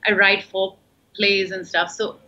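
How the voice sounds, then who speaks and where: A woman's voice: mid-range voice, little pitch movement, measured pace, sharp tone, lo-fi sound. A young woman from South India with an Indian accent, chatting as an interview guest and animatedly acting out what others said. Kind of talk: casual interview chat.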